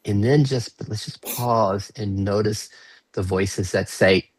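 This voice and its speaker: A man with a low, slightly husky voice guides a small group through a reflective exercise over a video call. He speaks slowly and gently, asking open questions. The sound is dry and close. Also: dry recording, low-quality recording. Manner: slow, gentle, inviting questions with playful bursts. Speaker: workshop facilitator. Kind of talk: guided reflective workshop talk.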